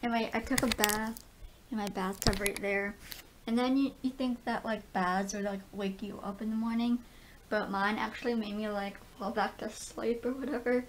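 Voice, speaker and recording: Woman, casual home vlog, lisping through new dentures, slightly high voice, rambling, filler-heavy. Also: normal speed, slight background noise. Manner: lisping while getting used to new dentures; relaxed, rambling, many fillers. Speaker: vlogger. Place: at home, indoors.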